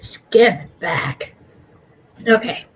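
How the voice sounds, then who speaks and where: A tipsy woman with an Irish accent cohosting a casual livestream chat, giggly and halting, often breaking off mid-sentence. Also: lowish voice, expressive, breathy edge, poor audio. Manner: giggly, halting, self-interrupting.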